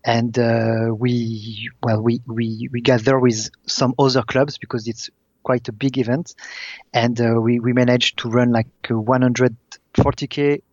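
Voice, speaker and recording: A man with a French accent speaks as a podcast guest, pausing and restarting as he searches for words in English. His voice sits at a mid pitch and sounds dry and dull, as if recorded over a muffled line. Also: level tone, darkish tone, dry recording. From Belgium. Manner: hesitant, many fillers and restarts while searching for words. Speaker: guest, tournament organizer. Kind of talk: casual podcast interview.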